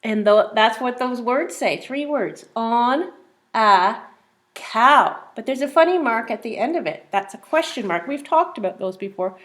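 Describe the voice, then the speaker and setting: Reading a simple phonics book to young children, a woman teacher sounds out words and poses questions. Her voice is a little high and a bit bright, expressive and unhurried.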